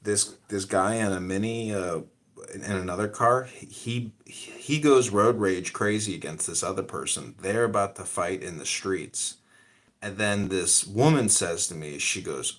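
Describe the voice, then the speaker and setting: Man, low-ish voice, casual podcast chat, rambling excitable storyteller. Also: unhurried. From United States. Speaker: podcast host.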